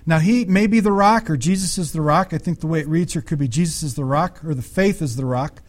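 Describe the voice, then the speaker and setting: A man's voice: a little high, brisk. A man preaching a sermon, reading scripture aloud and commenting on it in a conversational way, often checking in with the congregation. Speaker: pastor.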